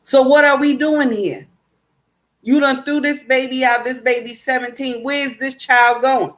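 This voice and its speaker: This livestream host has a high voice with fairly even intonation and an unhurried delivery. Reading through chat comments in a casual stream, she lectures emphatically, repeats herself, and calls people baby and my dear.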